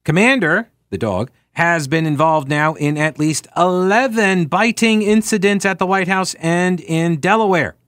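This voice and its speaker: A man's voice: high-pitched, expressive, unhurried, few pauses, fairly bright tone. A man hosting a talk radio show, delivering an opinion monologue full of sarcastic, jokey asides.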